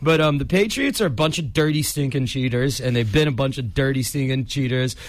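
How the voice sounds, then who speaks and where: A man hosting a sports chat show, talking casually and haltingly, with lots of fillers. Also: medium pitch, dry recording.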